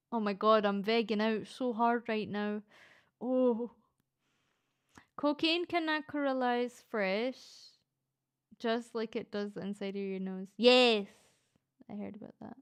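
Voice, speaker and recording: A Scottish woman chatting casually on a live stream as she reads chat, playful and quick to laugh, with the odd swear word. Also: on the high side, smooth. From Scotland. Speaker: VTuber streamer reading chat.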